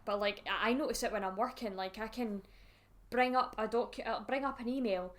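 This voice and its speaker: A Scottish woman co-hosting a podcast, telling stories in lively casual chat. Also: a little high, fairly quick. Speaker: podcast co-host.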